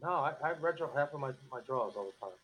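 A man's voice: mid-range voice, lively intonation, quick pace, a bit bright, husky, rough recording. A man telling stories in casual podcast chat, animatedly acting out coworkers' voices. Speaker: cigar company guest.

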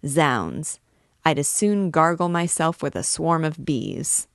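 A woman's voice: sits low, animated, slow, creaky, no room sound, studio quality, full character voice. A woman reading as a swaggering drunk young student. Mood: merry. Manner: swaggering, mock-grand declaiming. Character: rowdy boastful young male student, drunk.

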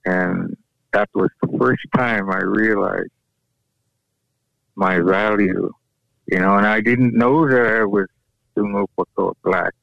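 A man whose first language is Yup'ik, telling a personal story in an unhurried, halting way, often restarting his sentences. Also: lowish voice, steady tone, gravelly, a bit bright, no echo. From Alaska. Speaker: guest sharing a personal story. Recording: dull lo-fi dry recording.

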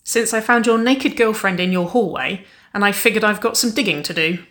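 A woman voicing a brash, bold young woman who is a protective older sister, speaking loud and blunt in an audiobook reading. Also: fairly low pitch, expressive, a little slow. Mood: brash, teasing. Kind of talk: audiobook character voice.

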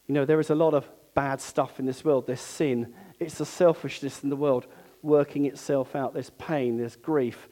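A man's voice: mid-range voice, warm tone. A man preaching a sermon to his congregation in an earnest, conversational way, with asides to the listeners.

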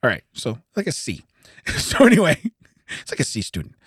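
A man's voice: medium pitch, huge pitch swings, fairly bright tone, breathy edge, no room sound, clean studio sound. A man in his forties co-hosting a podcast, reading news items aloud and laughing often as he stumbles over the text. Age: 40s. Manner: laughs often, reads haltingly. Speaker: podcast co-host. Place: podcast studio.

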